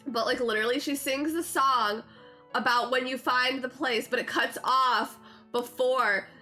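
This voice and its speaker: A woman's voice: high-pitched, fairly even intonation, measured pace, bright, forceful tone, soft background music. A young woman streaming a farming game, chatting in an emotional, gushing way full of "like"s. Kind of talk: casual game-stream chat.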